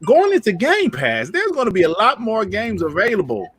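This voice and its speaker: A man's voice: sits high, wildly swooping pitch, normal speed, a bit bright, slightly rough, no room sound. A man hosting a live gaming podcast in a loose, slangy way, greeting the chat and asking his co-hosts questions. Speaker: podcast host reading chat. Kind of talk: casual live-stream chat.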